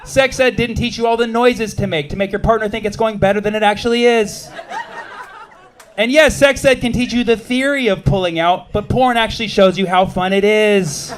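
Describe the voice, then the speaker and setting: A man in his thirties from the United States doing a stand-up set, animated and punchy, with shouted bits and quick asides to the crowd. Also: high voice, slight background noise. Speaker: stand-up comedian.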